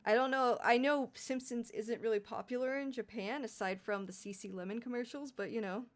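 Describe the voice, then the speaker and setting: Giggly young woman streamer, bit high. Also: brisk. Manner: giggly, rambling, laughs often. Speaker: VTuber streamer. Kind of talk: casual live-stream chat.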